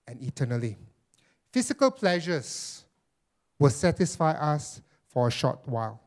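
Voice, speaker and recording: A man's voice: a little high, darkish tone. A man pastor preaching a sermon emphatically, repeating phrases and calling his listeners friends.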